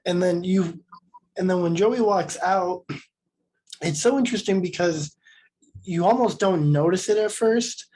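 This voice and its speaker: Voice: mid-range voice, a little slow, long pauses, a little mellow, breathy edge. A podcast co-host talking through a horror film casually, with many "like"s and restarts. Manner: filler-heavy, meandering speech.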